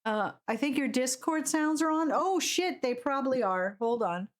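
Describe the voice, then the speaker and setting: A woman's voice: high voice, expressive, normal speed. A woman streaming a video game, chatting casually with her viewers and giggling often. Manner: chatty, giggly, greets chat. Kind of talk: live game commentary.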